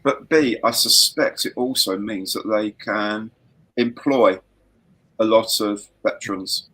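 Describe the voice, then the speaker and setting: A man from Britain talks through a casual chat as co-host. His voice is a little husky and breathy. He rambles with fillers and sentences that trail off. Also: fairly low pitch, takes it slowly, fairly bright tone.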